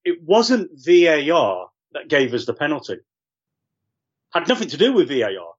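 Guy on a podcast going on about football, really lively up and down voice, bit muffled. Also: on the high side, moderate pace. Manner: animated, argues his point insistently. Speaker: podcast guest. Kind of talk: casual football chat.

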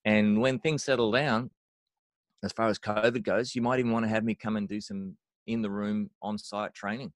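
Animated low-voiced man, dry sound. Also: normal speed, no room sound. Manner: animated, emphatic, repeats words when starting phrases. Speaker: worship leader mentor and podcast guest. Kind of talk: conversational interview.

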